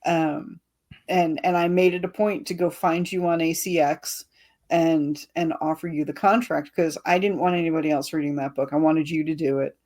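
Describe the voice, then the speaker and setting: A woman's voice: deep voice, fairly even intonation, moderate pace, darkish tone. A woman author as a guest, telling stories animatedly, acting out quotes and laughing often. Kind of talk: casual interview chat.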